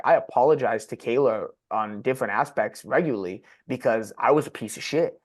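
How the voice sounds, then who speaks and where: Young male podcast guest, confessional and unpolished, swears freely, mid-pitched voice. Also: a little mellow. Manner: blunt and profane, heavy use of "like". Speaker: podcast guest sharing his story. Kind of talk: candid personal storytelling.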